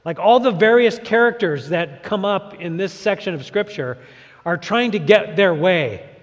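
Animated high-voiced male pastor preaching. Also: measured pace. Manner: animated, acts out crowd shouts. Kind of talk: sermon. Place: church sanctuary. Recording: long church reverb.

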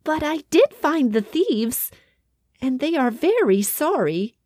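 A timid, earnest little storybook mouse, put on by a woman narrator, piping high and lilting as she apologizes. Her voice sounds close and dry, with no room around it. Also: big pitch swings, slow, darkish tone, no echo, exaggerated voice. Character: polite little female mouse.

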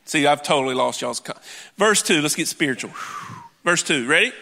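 A man preaching a sermon in a conversational way, with quick asides and drawn-out emphasis. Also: on the high side, lively intonation, bright, forceful tone. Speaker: pastor. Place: church hall. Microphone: handheld or headset microphone. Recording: reverberant church hall.

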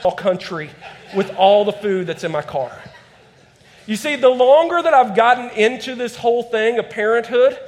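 A man's voice: extremely high pitch, moderate pace. A man in his thirties preaching a conversational sermon in a church, acting out quotes as he tells stories. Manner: storytelling with acted-out quotes, conversational. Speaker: pastor.

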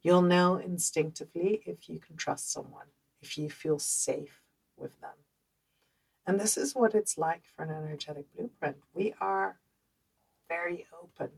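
Low, gravelly woman with a Dutch accent. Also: measured pace, low-quality recording. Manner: animated, conversational, many fillers. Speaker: podcast host. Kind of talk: personal storytelling monologue.

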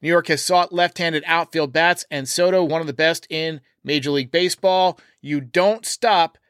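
A man's voice: fairly high pitch, moderate pace, a bit bright, clear, resonant tone, dry recording, clean studio sound. Chatty man hosting a sports live-stream. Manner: chatty, thinks aloud with fillers. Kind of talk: casual live-stream reaction, reading viewer chat.

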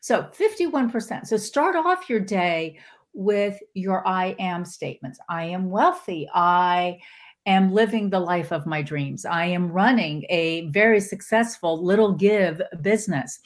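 A woman guest giving a motivational talk on spirituality, animated, her pitch often jumping into quoted voices. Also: a little slow. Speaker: podcast guest, spiritual teacher.

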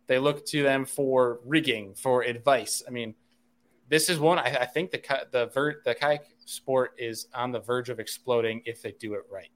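A man in casual podcast conversation, speaking at an ordinary pitch. He rambles, restarting his sentences and padding them with "like" and "you know". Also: moderate pace, fairly bright tone. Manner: rambling, many fillers and restarts. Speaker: podcast co-host, fishing industry insider. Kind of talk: casual chat.

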